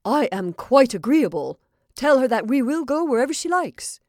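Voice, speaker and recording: A woman voicing an excitable, sulky young male traveller in a dry, close recording. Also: medium pitch, a little slow, dry recording. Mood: excited. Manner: agitated, sulky. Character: excitable, grumbling young Frenchman travelling companion.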